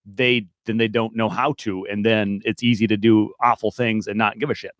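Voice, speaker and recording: A man's voice: fairly low pitch, flat delivery, moderate pace, no room sound, studio quality. A man hosting a podcast, reflective and asking probing questions. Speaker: podcast host. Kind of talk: conversational podcast talk.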